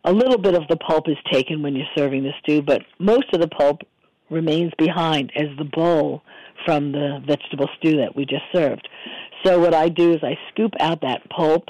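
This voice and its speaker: A man hosting a radio talk show, hoarse after losing his voice, talking casually with many ums and restarts. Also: a little high, moderate pace, a little mellow, dry recording, rough recording. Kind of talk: casual radio talk, recipe and guest intro.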